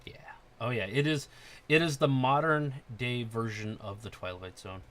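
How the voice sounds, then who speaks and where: A man hosting a casual podcast chat, excited and profane, getting loud when he acts out scenes. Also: mid-range voice, moderate pace. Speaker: podcast host.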